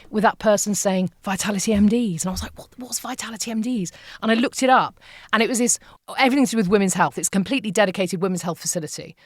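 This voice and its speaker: A middle-aged woman speaks as a podcast guest, sharing a painful personal story in a candid, halting way. She often repeats phrases and trails off. The recording is close and dry. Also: on the low side, no room sound.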